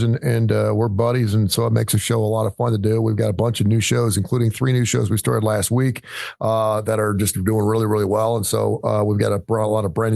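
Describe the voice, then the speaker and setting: A man's voice: medium pitch, gravelly, darkish tone, no echo. A man hosting a radio show, chatting casually and easygoingly with his guest. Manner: easygoing, chatty, laughs along.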